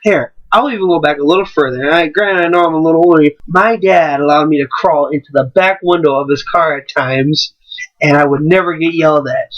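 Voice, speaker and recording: A young man co-hosting a casual podcast, telling animated stories and slipping into silly voices. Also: on the high side, brisk, lo-fi sound. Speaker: podcast co-host. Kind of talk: casual chat.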